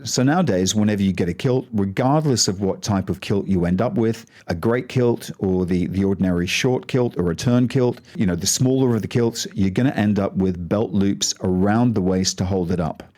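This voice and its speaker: A man's voice: lowish voice, moderate pace, few pauses, a little mellow. A man hosting a podcast, talking about history in a casual, chatty way that wanders off on tangents. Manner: chatty, digressive, rates things out of ten. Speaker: podcast host.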